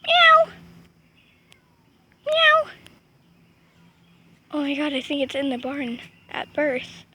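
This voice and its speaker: A woman vlogging outdoors near a barn, talking in excited exclamations and hushed asides. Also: sits high, moderate pace. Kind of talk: casual vlog narration.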